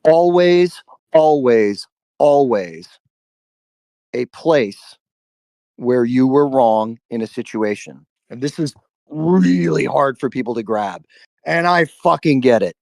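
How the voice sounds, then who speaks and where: A man speaks slowly and deliberately, leaning hard on his words and swearing for emphasis. His voice sits in a middle pitch and sounds close and dry, with no room echo. He tells a personal story to a listener during a live stream. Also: expressive, creaky, darkish tone. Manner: emphatic, profane, drawn-out pauses.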